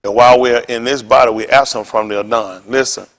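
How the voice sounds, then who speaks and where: A male pastor preaching a sermon in animated, informal street talk, throwing questions back to the congregation. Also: medium pitch, quick pace.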